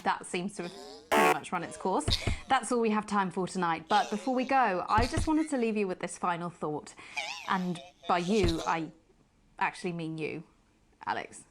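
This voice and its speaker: A posh, obsessive news anchor. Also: female voice, lowish voice, expressive, normal speed, over music. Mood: smooth. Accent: posh English put on. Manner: breathy confessional, trailing into hushed whispers. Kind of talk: video game acting.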